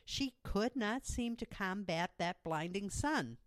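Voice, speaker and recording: A woman narrating a story in a measured storytelling manner for an audiobook. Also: mid-range voice, animated, no echo.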